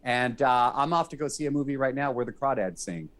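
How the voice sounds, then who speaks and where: A man's voice: medium pitch, animated, fairly quick, fairly bright tone. A man talking casually on a TV after-show, thankful and emotional, rambling with many restarts. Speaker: entertainment reporter. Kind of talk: casual on-air chat. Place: TV studio.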